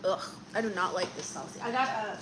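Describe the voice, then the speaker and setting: A woman's voice: mid-range voice, a little fast, background noise. A woman hosting a casual live stream, chatting and reading viewer comments aloud before answering them. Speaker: livestream host.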